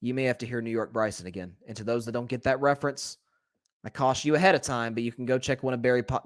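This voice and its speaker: A sports podcast host runs a solo talk show, conversational and opinionated, making predictions while frequently restarting sentences and stammering. His medium-pitched voice is captured in studio quality with no room sound.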